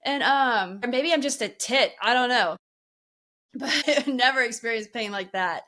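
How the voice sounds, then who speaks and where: Bright-voiced woman telling a story. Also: on the high side, moderate pace. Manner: chatty storytelling with frequent laughs. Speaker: podcast co-host. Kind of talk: casual chat.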